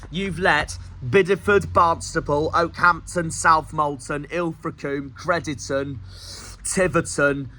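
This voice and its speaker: A man's voice: fairly high pitch, sharp tone. A man with a Cornish accent, a football fan vlogger, giving a furious, sweary post-match rant. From Cornwall. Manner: furious, sweary, repetitive ranting.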